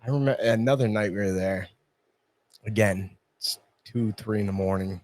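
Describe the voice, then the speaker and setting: A man's voice: fairly low pitch, normal speed, no echo. A man, a guest in a casual chat, telling crude stories with plenty of swearing. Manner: profane, laughing storyteller acting out yelling.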